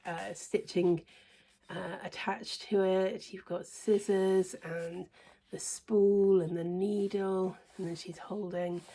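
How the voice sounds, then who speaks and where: A woman reviewing cross stitch books in a casual, hesitant way, trailing into quiet near-whispered asides. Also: medium pitch, level tone, slow pace, a little hiss or hum. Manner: chatty, hesitant with many ums, softens to near-whisper asides. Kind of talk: casual show-and-tell review.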